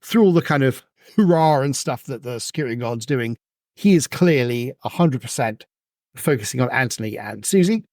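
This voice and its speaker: A man's voice: medium pitch, expressive, normal speed, darkish tone, no echo. Guy game master, chatty, laughs a lot, mid voice, dry close sound. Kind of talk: narrating a tabletop game.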